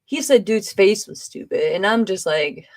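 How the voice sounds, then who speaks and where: A woman's voice: mid-range voice, animated, normal speed, creaky. A woman hosting a live podcast stream, reading viewer comments aloud in a loose, chatty way, laughing often and making exasperated asides. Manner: exasperated, eye-rolling asides. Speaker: podcast host.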